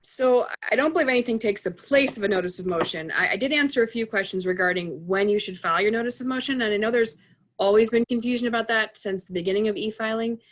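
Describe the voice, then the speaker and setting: A woman from court staff answering webinar questions with calm, step-by-step explanations of procedure. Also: on the high side, quick pace.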